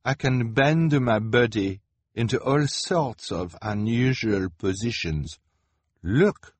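A man's voice: mid-range voice, expressive, takes it slowly, breathy edge, no room sound, pitched above the performer's own voice. Man putting on a sighing, shy young woman. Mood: mournful. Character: shy young woman contortionist, sad and apologetic.

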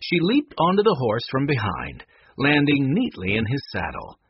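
Husky man reading a storybook. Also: medium pitch, huge pitch swings, moderate pace. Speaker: narrator. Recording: dull lo-fi recording.

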